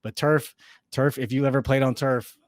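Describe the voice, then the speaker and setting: A man's voice: mid-range voice, fairly even intonation, moderate pace, no room sound, clean studio sound. A man co-hosting a sports podcast, chatting casually and rambling with restarts. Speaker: podcast co-host.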